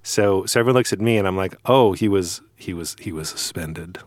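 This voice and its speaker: Low-voiced young man, halting storytelling. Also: no echo, studio quality. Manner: halting, repeating words, animated when quoting. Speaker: friend recalling shared school days. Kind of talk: casual chat.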